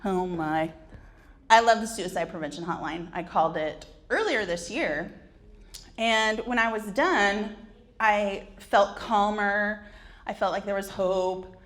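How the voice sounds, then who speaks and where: Slow, wry woman in her forties. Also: mid-range voice, fairly bright tone. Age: 40s. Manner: wry, self-deprecating, laughs at her own jokes. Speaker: conference speaker. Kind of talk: comedic personal storytelling. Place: conference stage.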